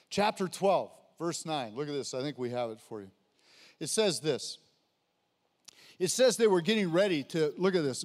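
High-voiced preacher in an echoing hall. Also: male voice, very animated, a little slow. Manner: conversational preaching with call-outs to the congregation. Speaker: pastor. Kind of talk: sermon. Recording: long hall reverb.

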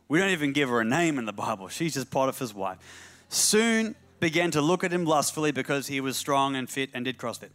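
A man's voice: medium pitch, expressive, moderate pace, a bit bright. A man preaching a sermon, repeating key phrases for emphasis and slipping in humorous asides.

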